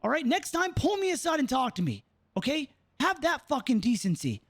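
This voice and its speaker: A man's voice: extremely high pitch, huge pitch swings, a little fast, gravelly, exaggerated voice. A man playing a proud, short-tempered male police lieutenant in a roleplay game, lecturing with swearing and repeated "okay?". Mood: stern lecturing. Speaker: roleplay character. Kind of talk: in-character roleplay argument.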